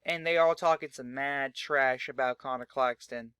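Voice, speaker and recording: A man's voice: medium pitch, steady tone, moderate pace, pushed and bright, clear, resonant tone, no room sound. A young man hosting a gaming channel, talking through his game in a rambling, chatty way and swearing freely. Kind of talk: casual let's-play commentary.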